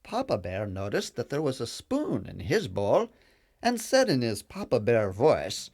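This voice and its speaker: A man narrating a children's story in an expressive, sing-song storyteller manner. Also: medium pitch, unhurried, husky, no room sound, studio quality.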